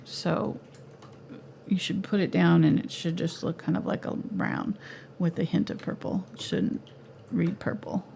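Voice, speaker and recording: A woman with a gravelly, creaky voice talks through a live painting lesson in a home studio. She is relaxed and chatty, and her voice is going hoarse from coughing. A faint hiss of noise sits under the recording. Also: lowish voice, measured pace. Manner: relaxed, chatty, laughs easily. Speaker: painting instructor.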